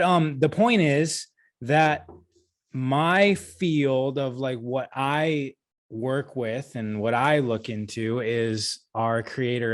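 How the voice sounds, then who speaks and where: Tired man musing late at night. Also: mid-range voice. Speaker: podcast guest. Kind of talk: casual conversation.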